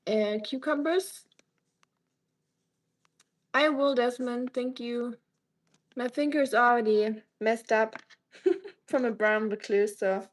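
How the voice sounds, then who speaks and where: Greeting viewers by name and making teasing jokes, a woman chats casually on a live stream while cooking at home. Her voice is on the high side, and the rough recording has slight background noise.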